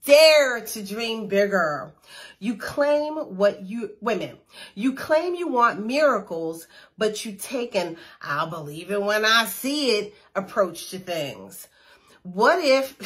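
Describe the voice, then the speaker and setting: A woman leads a spiritual oracle card reading. She talks in an earnest, encouraging way, affirming her listeners. Her voice sits at an ordinary middle pitch. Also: a bit bright. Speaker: host, intuitive healer.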